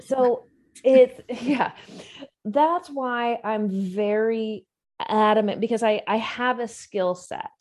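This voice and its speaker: A woman's voice: a little high, slow, darkish tone. A woman in her forties, an interview guest speaking candidly and earnestly about her own life, with wry asides. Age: 40s.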